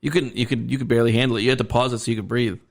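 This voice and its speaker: A man co-hosting a podcast, teasing his friend and asking slow, probing questions in casual chat. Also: mid-range voice, steady tone, creaky. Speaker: podcast co-host.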